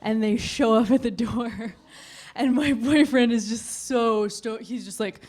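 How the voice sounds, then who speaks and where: A woman in her twenties performing a stand-up routine on a club stage, telling a story with animated delivery and acted-out voices. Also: fairly high pitch, measured pace. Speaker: stand-up comedian.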